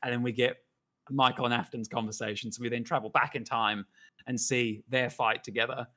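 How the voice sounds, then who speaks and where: Man, mid pitch, lively storyteller, acts out bits with laughter. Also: a little fast. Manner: animated storytelling, acts out characters. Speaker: co-host, animator. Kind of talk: casual chat.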